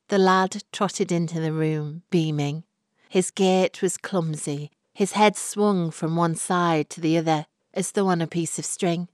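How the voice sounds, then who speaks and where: Woman narrator, low voice, slow measured storytelling, dry close sound. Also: fairly even intonation, dry recording. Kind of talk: scripted narration.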